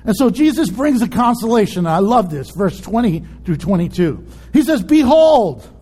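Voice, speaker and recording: High-voiced, lively preaching man. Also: moderate pace, husky. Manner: animated, laughing often, acting out voices in his stories. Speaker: pastor. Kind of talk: sermon.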